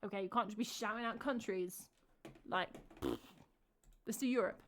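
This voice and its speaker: A woman's voice: medium pitch, normal speed, a bit bright, slight background noise. A woman with an English accent, chatting casually on a live stream, thinking aloud and answering her chat. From England.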